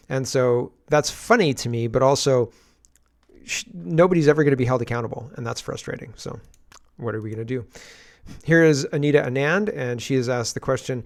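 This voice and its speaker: A man's voice: medium pitch, a little fast, vocal fry. A man hosting casual political commentary, ranting in an exasperated way and addressing the viewer directly.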